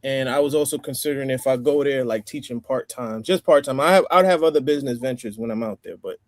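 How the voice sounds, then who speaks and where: A man's voice: medium pitch, fast, dry recording. A man in a casual roundtable chat who talks at length, explaining phrases and practicing new words. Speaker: roundtable participant. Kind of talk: casual group chat over a stream.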